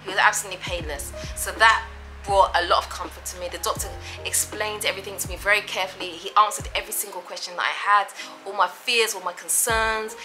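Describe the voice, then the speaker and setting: A woman's voice: medium pitch, fairly even intonation, fast, pushed and bright, faint music behind, rough recording. A woman vlogger talking casually to camera, rambling and emphatic, often repeating herself. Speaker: vlogger and mother.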